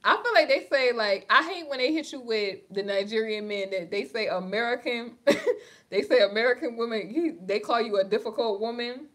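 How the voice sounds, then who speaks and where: Young woman, New York accent, livestream host, animated, slangy, laughs a lot. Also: mid-range voice. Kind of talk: casual livestream chat reading comments.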